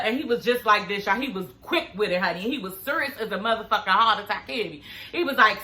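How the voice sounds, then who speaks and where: A woman's voice: medium pitch, lively intonation, fast talker, sharp tone. A woman in her forties recapping a reality show in casual chat, sassy and profane, calling her viewers honey and girl. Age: 40s.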